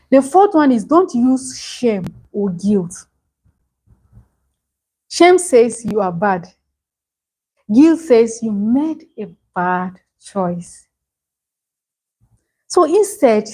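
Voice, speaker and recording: A middle-aged woman coaches parents in a masterclass, her voice sitting a little high. She talks earnestly and pleads with her listeners, repeating each key point so it sticks. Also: mellow, poor audio.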